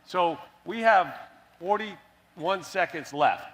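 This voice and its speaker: Impassioned bright-voiced man on stage. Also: high voice, expressive, slow. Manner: impassioned, runs ideas together with restarts. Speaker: panel guest, activist. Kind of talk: earnest conference talk. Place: conference stage.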